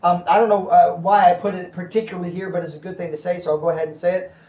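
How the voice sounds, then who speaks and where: Brief: male pastor, high voice, conversational Bible teaching, echoey room mic at a distance. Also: level tone, rapid-fire, warm tone. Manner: conversational, checks in with the audience.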